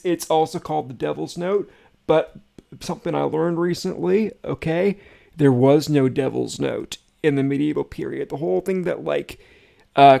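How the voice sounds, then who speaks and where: Man, music reaction host, gravelly voice, a bit high, casual rambling chatter, excitable, swears.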